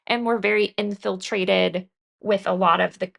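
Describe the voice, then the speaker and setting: A woman's voice: mid-range voice, steady tone, moderate pace, vocal fry, a bit bright. A woman co-hosting a podcast, talking earnestly and at length in casual conversation, with many "like"s. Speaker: podcast co-host.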